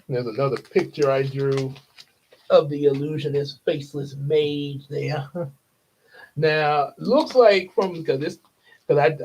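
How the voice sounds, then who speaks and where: A young man rambles through a casual livestream, chuckling often. His voice sits a bit high and moves slowly. The audio is dull and lo-fi. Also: darkish tone, a little hiss or hum. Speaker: livestream host.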